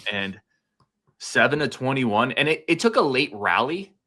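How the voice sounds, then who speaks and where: A man co-hosting a casual sports podcast, fired up and talking like an excited fan, a few beers in. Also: mid-range voice, unhurried. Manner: fired-up, animated fan talk. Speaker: podcast co-host.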